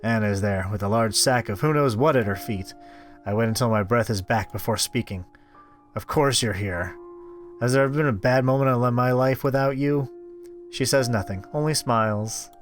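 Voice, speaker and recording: A man reading a visual novel aloud as a game host, expressive with wry asides. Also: mid-range voice, moderate pace, soft background music. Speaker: let's-play host.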